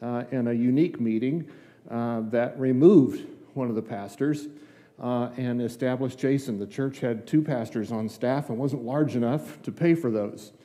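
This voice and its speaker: An older man, a district superintendent guest-preaching in a church sanctuary, gives a chatty, folksy sermon, acting out little dialogues with asides. His medium-pitched voice is warm, at a moderate pace, with a big-room sound.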